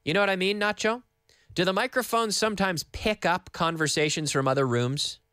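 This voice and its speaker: A man from Nova Scotia teaching English on live radio from a studio microphone, patiently repeating words slowly for learners. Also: high-pitched, pushed and bright, smooth, dry recording. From Canada (Nova Scotia).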